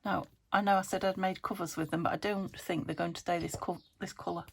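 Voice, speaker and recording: A British woman chatting casually as she crafts at home, rambling, thinking aloud and dropping into soft muttered asides. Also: on the low side, fairly quick, vocal fry, husky. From United Kingdom. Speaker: craft vlogger. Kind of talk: casual chat while crafting. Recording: steady background noise.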